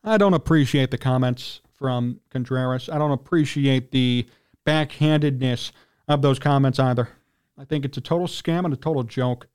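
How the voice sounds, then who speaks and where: A man with a Chicago accent, hosting a sports talk radio show, ranting indignantly and clearing his throat as he gets worked up. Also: a little mellow. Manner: indignant, ranting, pitch jumps when worked up. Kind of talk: heated sports talk rant.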